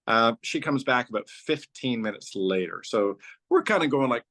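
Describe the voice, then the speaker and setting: A man's voice: mid-range voice, expressive, normal speed, a bit bright. A man who founded a company, guesting on an interview show and recounting a personal story in a loose, rambling way. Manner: loose and rambling, strings clauses with "so" and "like". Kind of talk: casual conversational storytelling.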